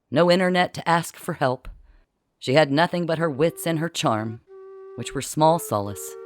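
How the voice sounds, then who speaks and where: A narrator reading a comic time-travel story with a wry, deadpan delivery. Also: mid-range voice.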